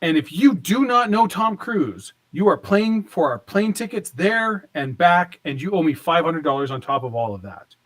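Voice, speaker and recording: A man's voice: high voice, very animated, normal speed, hardly any pauses, a bit bright. A man voicing a skeptical, exasperated boss who lays down a bet. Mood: challenging. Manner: blunt, challenging.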